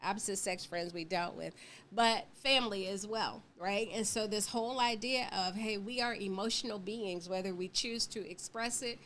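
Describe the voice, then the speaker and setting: A woman's voice: mid-range voice, moderate pace, a little hiss or hum. A woman co-hosting a marriage talk show, chatting casually, telling stories with animation and frequent laughs. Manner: animated storyteller, laughs often.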